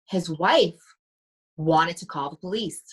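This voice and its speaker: The audio is poor on this clip of a woman mindset coach talking as a podcast guest. Her voice sits on the low side, slightly rough, and she speaks slowly. In casual conversation she tells stories animatedly, acting out quoted dialogue.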